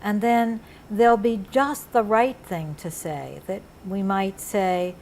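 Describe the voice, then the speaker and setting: A woman's voice: mid-range voice, steady tone, slow pace, darkish tone, slight background noise. Earnest woman interviewer searching for words. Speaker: interviewer, therapist. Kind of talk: reflective interview conversation.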